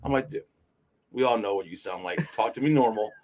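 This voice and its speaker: A man's voice: lowish voice, a little fast, darkish tone. A man co-hosting a podcast in casual chat, rambling through stories, swearing freely and leaning on filler phrases. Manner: rambling storyteller, profane, leans on "you know". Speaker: fill-in podcast co-host.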